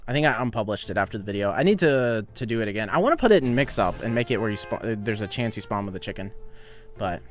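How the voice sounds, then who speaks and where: A man's voice: on the low side, lively intonation, quick pace, faint music behind. A young man casually chatting on a live game stream, laughing often and reading out viewer donations. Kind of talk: casual live-stream chat while gaming.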